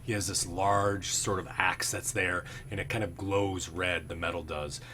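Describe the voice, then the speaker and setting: A man's voice: low voice, steady tone, moderate pace, sharp tone. A man narrating as game master, rambling with many fillers. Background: faint background music.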